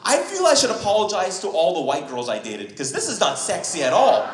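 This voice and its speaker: A man performing stand-up in a club, his voice sitting high and leaping all over the place as he acts out characters. The room rings with echo around his microphone. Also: a little fast, few pauses, noisy background. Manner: animated, acts out characters with wild pitch jumps and high squeals. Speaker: stand-up comedian. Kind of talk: stand-up comedy set. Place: comedy club stage, live audience laughing.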